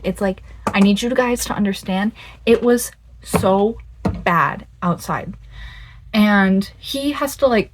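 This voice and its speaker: A young woman in her twenties, mid-pitched, recounting a disastrous date to her viewers. She stretches words for emphasis and swears when something floors her, talking in a loose, animated vlog style. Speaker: vlogger. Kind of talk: casual storytelling.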